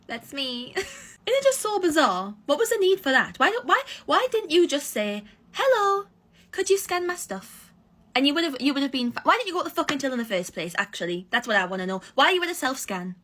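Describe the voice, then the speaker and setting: Young woman, slightly high voice, sarcastic storytime ranter. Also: very animated, fast, a bit bright. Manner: exasperated, sarcastic, acts out both sides. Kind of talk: casual storytime rant.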